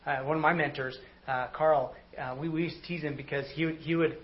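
Speaking a little high and fairly quickly, this pastor preaches casually, spinning lively stories and repeatedly asking "right?" to keep listeners with him. It comes from recorded online service audio that is slightly dull and carries faint noise.

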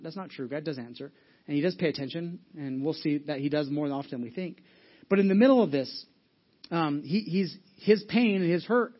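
Male pastor, high voice, casual humorous preaching; dull lo-fi church recording. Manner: conversational, acts out Bible voices with humor. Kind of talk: sermon.

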